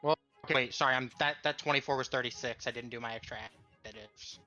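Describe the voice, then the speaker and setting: A man's voice: medium pitch, fairly even intonation, quick pace, bright, forceful tone, muffled recording, soft background music. A man playing in a tabletop game, working through his rolls carefully and apologizing for slips. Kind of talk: casual play at the table.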